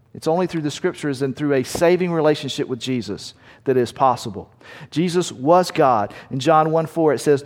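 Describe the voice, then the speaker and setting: A man preaches a sermon in a church sanctuary, his voice sitting a little high for a man. He slows down to lean on key words and lets his lines sink to a hush. Long reverb trails after each phrase. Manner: slows down to stress key words, drops to quiet at line ends. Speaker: pastor.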